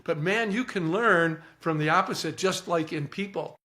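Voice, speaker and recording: A man with a fairly high voice gives an earnest, animated account as a podcast guest. He often repeats words as he starts a thought. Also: moderate pace. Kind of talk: reflective storytelling.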